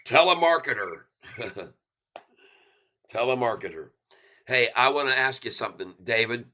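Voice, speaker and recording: Brief: male livestream host, bright and forceful tone, excitable, rambling chat with viewers, chuckles a lot. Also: mid-range voice, a little slow, a little hiss or hum. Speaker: stock market livestream host.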